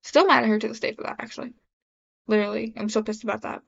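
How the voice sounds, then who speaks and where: A young woman rambles through a confessional vlog, her fairly high voice staying flat and level. She halts often, filling gaps and restarting her sentences. The sound is dull and lo-fi. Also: creaky. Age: young adult. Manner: rambling, halting, many fillers and restarts. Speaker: vlogger.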